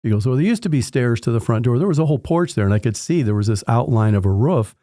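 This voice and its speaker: A man who works as a home inspector relates lively anecdotes in a conversational style, performing the dialogue as he goes. He speaks quickly in a medium pitch, recorded in studio quality with no room sound.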